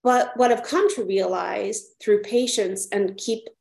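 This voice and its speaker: A woman's voice: medium pitch, a little slow, vocal fry, a little mellow. Reflective woman sharing her story, echoey. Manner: reflective, repeats phrases, frequent "right?". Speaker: speaker at a recovery meeting. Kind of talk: personal share at a support meeting.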